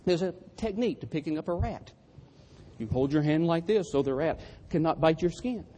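A man's voice: a little high, lively intonation, moderate pace, mellow, slightly rough. A man preaching a sermon through humorous, self-deprecating storytelling.

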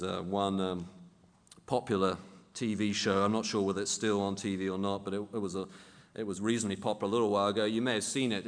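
A man's voice: lowish voice, a bit bright. A man preaching a sermon in a church, emphatic and building to fervent peaks. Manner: emphatic, rising to fervent intensity. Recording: long hall reverb.

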